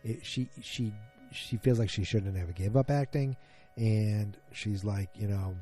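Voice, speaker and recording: Man, podcast host, low-ish voice, mellow tone, rambling, corrects himself, faint music behind. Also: measured pace. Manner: rambling, self-correcting storyteller. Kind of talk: casual solo recap podcast.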